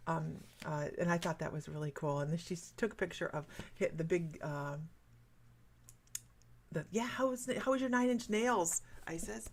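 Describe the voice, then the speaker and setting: A woman from Michigan hosting a casual psychic-reading livestream, chatty and quick to laugh, greeting viewers by name. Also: lowish voice. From Michigan, USA. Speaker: psychic medium livestream host.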